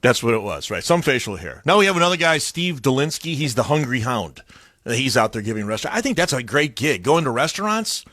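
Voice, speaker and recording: A man from Chicago hosts a morning radio show in easy conversation. He tells stories with an animated, swinging delivery. His voice sits close and dry at a studio mic. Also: mid-range voice, a little fast, dry recording. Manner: animated, chatty storyteller. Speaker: radio host. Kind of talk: casual morning radio chat. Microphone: studio microphone.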